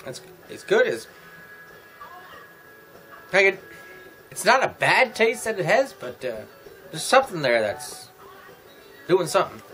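A man casually reviewing beer and snacks in a home vlog, rambling and halting, chewing as he talks. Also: sits high, big pitch swings, bright, forceful tone, faint music behind, rough recording. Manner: rambling, halting, chatty with himself. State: eating while talking.

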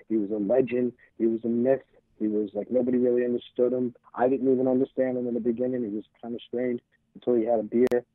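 A man's voice: mid-range voice, dry recording. A man, telling stories as a podcast guest, rambling and restarting phrases as he acts out old conversations. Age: 60s. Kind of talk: casual storytelling interview. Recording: tinny phone-like line, dry.

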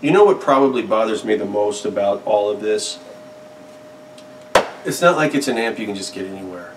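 A man's voice: lowish voice, animated, moderate pace, recorded from a distance. Man ranting in mock outrage, off-mic. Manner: mock-outraged, repetitive complaining. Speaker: guitar channel host. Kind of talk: satirical rant to camera. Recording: roomy sound from off-mic.

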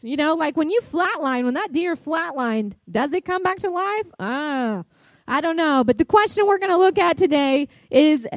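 Chatty high-voiced woman pastor telling a story. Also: no echo. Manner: chatty, animated storytelling with lots of fillers. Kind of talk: sermon with personal story.

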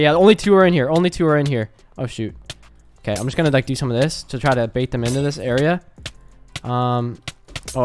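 A young man hosting a gaming video, giving excitable live commentary and raging at other players. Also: medium pitch. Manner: excitable, quick to rage and yell.

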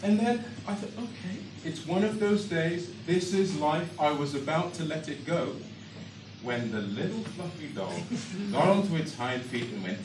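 Male storyteller, lively comic telling, mid-high voice with wide swings, echoey hall, distant mic, audience noise. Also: moderate pace. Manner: animated, comically exaggerated telling. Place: storytelling stage before a live audience.

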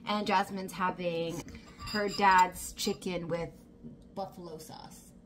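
A woman's voice: lowish voice, steady tone, slow pace, a bit bright, slight background noise. A woman, a family vlogger and mother, chatting casually to the camera and her kids, often saying "like" and "guys.".

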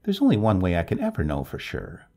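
A cool, wry woman over thirty answers in a raised falsetto, calm and dryly reasonable, put on by a man reading a story. A gravelly, husky grain shows through the voice. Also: quick pace, heavily acted.

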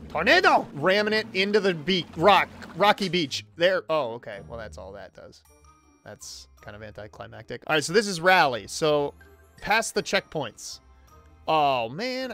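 A man reviewing a video game with jokey, excitable commentary and sudden exclamations. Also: high voice. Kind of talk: comedic gameplay commentary.

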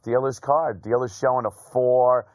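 A man's voice: mid-range voice, moderate pace, no room sound. A middle-aged man hosting a casual comedy chat, telling stories with lots of swearing and laughter. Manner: profane, laughing, animated storyteller. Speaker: podcast host.

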